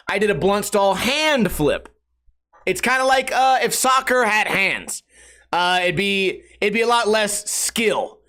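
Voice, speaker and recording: A man's voice: sits high, fairly bright tone. A young man hosting a solo podcast, ranting sarcastically with lots of swearing and mocking impressions of commenters. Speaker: podcast host.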